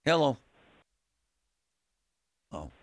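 A man hosts a talk radio show, delivering an opinionated monologue in a blunt, fed-up, folksy manner. He speaks extremely slowly, and the studio microphone captures clean sound with no echo.

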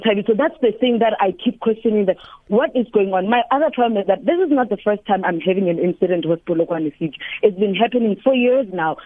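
A woman's voice: mid-range voice, no room sound. Emphatic woman on a phone line. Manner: emphatic and emotional, repeating herself for stress. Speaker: sports reporter. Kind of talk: phone-in radio interview. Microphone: telephone. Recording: dry tinny phone line.

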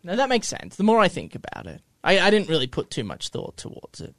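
Lively, higher-voiced man chatting. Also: brisk, no echo, clean studio sound. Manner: chatty and hesitant, often second-guessing himself. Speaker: podcast co-host. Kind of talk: casual chat.

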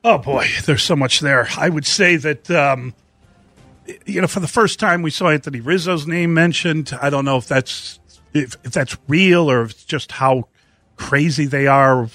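A man hosting a sports talk discussion in a chatty, animated way. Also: fairly high pitch, normal speed, dry recording, faint music behind.

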